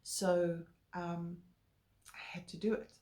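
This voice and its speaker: A woman co-hosting a relationship talk, explaining calmly and earnestly with filler words. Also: on the low side, takes it slowly. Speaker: co-host. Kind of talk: casual chat. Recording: roomy echo.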